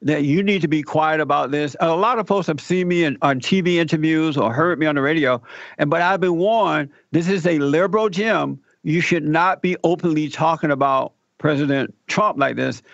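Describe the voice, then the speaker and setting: A man telling a personal story in an interview, animated and acting out the people he quotes. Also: fairly high pitch, normal speed, gravelly, no room sound, lo-fi sound. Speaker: guest telling his story.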